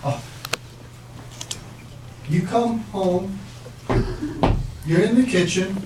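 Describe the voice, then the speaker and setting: A man's voice: high voice, extremely slow, long pauses. A man presenting a parenting workshop, talking with his audience and acting out the lines of parents and children. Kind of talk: interactive workshop talk. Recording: echoey room, mic at a distance, background noise.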